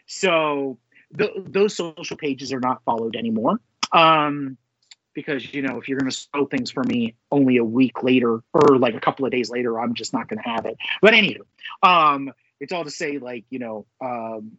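A man co-hosting a podcast in casual chat, excitable and swearing freely, with lots of fillers. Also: medium pitch, normal speed, dry recording. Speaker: podcast co-host. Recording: dull lo-fi sound, dry.

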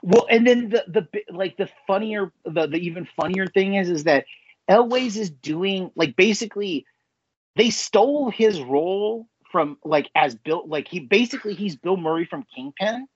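A man's voice: high voice, lively intonation, normal speed, breathy edge, no room sound, muffled recording. A man co-hosting a podcast in casual chat, rambling with lots of fillers and swearing freely. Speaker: podcast co-host.

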